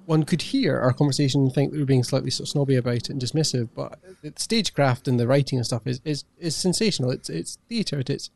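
A man's voice: medium pitch, quick pace, vocal fry, hardly any pauses, darkish tone. A man in casual conversation, speaking emphatically and with enthusiasm. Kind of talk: casual chat.

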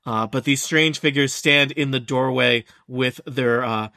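Bright-voiced man running a tabletop game. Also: medium pitch, measured pace, creaky. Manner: hesitant, many fillers and restarts. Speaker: game master.

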